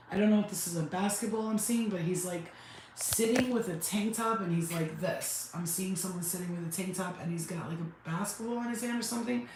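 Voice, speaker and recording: Emotional halting woman medium, very echoey room. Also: fairly low pitch, darkish tone. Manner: halting, repetitive, restarts words; emotional, near tears. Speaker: psychic medium. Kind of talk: live spirit channeling session. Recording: very echoey room, faint background noise.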